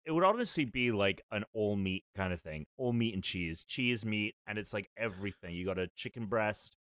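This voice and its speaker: A playful man rambles through a casual drinking game with friends. His voice sits a little low but sounds bright. The sound is dry and close. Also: animated, normal speed, no echo.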